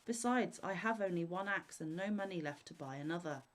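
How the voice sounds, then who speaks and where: A woman's voice: lowish voice, brisk, lightly acted. A woman voicing a poor old woodcutter father, sorrowful and cautiously scolding.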